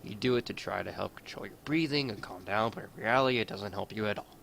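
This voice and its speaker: A man's voice: on the low side, quick pace, creaky, fairly bright tone, slight background noise. A man reading a visual novel aloud in first person, adding his own asides. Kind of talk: reading game text aloud.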